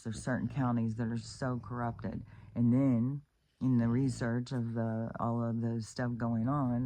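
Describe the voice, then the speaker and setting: A woman's voice: extremely low pitch, mellow. A woman vlogging in a rambling, profane, casual rant, full of fillers and restarts, exclaiming in disbelief.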